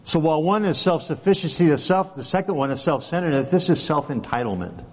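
Man, pastor, sermon, slightly high voice, conversational, long hall echo. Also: animated, quick pace. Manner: conversational, rhetorical questions, often adds "right?".

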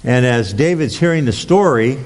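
A man preaching a sermon as a pastor, halting with many fillers and restarts. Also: expressive. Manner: acts out quoted lines with raised pitch. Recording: long hall reverb.

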